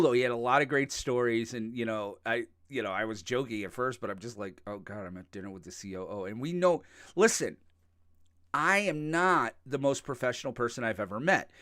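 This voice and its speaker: A man's voice: mid-range voice, a bit bright, no echo. Guy cohosting a podcast, voice jumps all over, jokey and rambly, dry close mic. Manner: jokey, rambling, laughs often. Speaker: podcast co-host. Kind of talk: casual chat.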